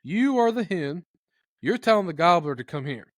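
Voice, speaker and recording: A man's voice: sits high, moderate pace, dry recording, clean studio sound. A man talking casually and with energy while he teaches turkey calling, sometimes imitating turkeys in funny voices. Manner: animated, acts out turkey sounds in funny voices. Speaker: turkey calling expert guest. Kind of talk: casual how-to talk.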